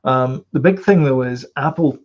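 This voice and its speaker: With a darkish tone, medium pitch and a moderate pace, this Scottish man co-hosts a podcast. He chats casually and rambles, frequently filling and restarting, and the recording is lo-fi and dull.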